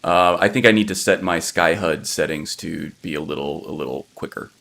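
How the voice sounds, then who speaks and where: A male game streamer with a deep, fry-laden voice commenting casually on his play. He rambles, corrects himself, and fills gaps with ums. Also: a little fast, a bit bright. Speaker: livestreamer playing a game.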